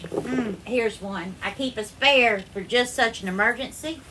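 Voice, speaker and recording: A bright, forceful Southern woman from Alabama chats through a live cooking stream in her kitchen, pitched a little high and gushing over every viewer with a sing-song "darling." A faint hum of noise sits under her voice. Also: measured pace. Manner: effusive, calls viewers darling, bubbly sing-song greetings. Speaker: home cooking livestream host. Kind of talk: casual live cooking chat, greeting viewers. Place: home kitchen.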